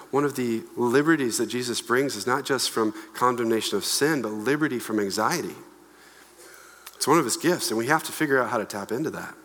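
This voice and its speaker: With a mid-range voice and a bright, forward delivery, a male pastor gives an energetic, conversational sermon peppered with playful asides. The church hall around him adds a long echo.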